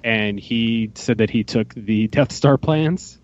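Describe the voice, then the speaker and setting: A man hosting a fan podcast, chatting casually and excitedly with rambling asides. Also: lowish voice, slow. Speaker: podcast host. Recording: dull lo-fi podcast mic.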